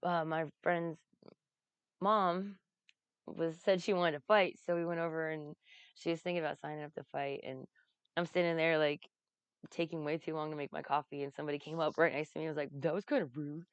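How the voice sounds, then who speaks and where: A woman's voice: low-pitched, flat delivery, a little fast, clear, resonant tone, dry recording. A woman telling casual, rambling stories, laughing often and swearing freely. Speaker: vlogger recounting a comedy festival. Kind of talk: casual storytelling.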